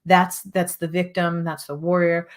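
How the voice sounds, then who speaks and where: A middle-aged woman hosting a show and teaching about relationships in an earnest, repetitive way, her voice a little hoarse as she is losing it. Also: fairly low pitch, little pitch movement, unhurried. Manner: earnest, repetitive, with frequent "right?" asides. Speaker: host and relationship coach. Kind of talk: motivational teaching monologue.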